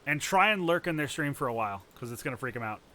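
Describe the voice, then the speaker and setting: A man's voice: mid-range voice, fast talker. A man streaming live, chatting casually with loose, profane humor. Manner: relaxed, profane and laughing.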